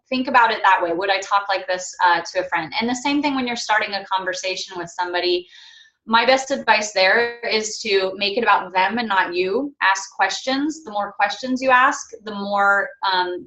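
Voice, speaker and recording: Brief: woman team coach, bright and forceful tone, chatty, echoey room. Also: mid-range voice, normal speed. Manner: chatty, with fillers and playful mock quotes. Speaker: coach leading a team call. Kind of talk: casual coaching talk.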